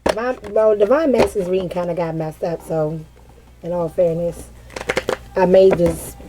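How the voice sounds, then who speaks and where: A woman giving a casual, animated tarot reading, swearing freely and breaking into sassy asides as she voices the cards. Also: fairly low pitch, moderate pace, noisy background. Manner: chatty and animated, swears freely and laughs often. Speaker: tarot card reader.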